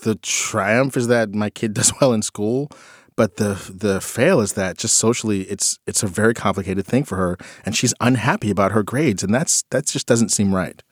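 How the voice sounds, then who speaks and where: A man in casual conversation, musing reflectively and recounting a story about his kids, getting animated when he quotes them. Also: fairly low pitch, moderate pace, no echo, clean studio sound. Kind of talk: casual chat.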